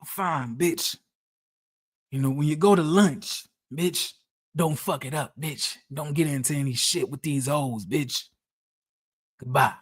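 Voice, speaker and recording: A man's voice: on the high side, takes it slowly, pauses often, husky, pitched below the performer's own voice. A man voicing a crude, scornful husband who belittles his wife and curses at her. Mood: cold. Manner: cursing, contemptuous, sneering.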